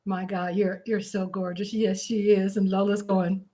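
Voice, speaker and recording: A woman's voice: medium pitch, little pitch movement, moderate pace, mellow. A woman hosting a casual live watch party, reading viewer comments aloud and laughing often. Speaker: livestream host.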